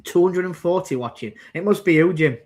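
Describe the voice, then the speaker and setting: A man's voice: high voice, fairly quick, a little mellow. A man co-hosting a football watchalong, calling out substitutions and grumbling about the play. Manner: rambling, calls out substitutions and plays. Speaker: co-host commentating on the match. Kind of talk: casual football watchalong chat.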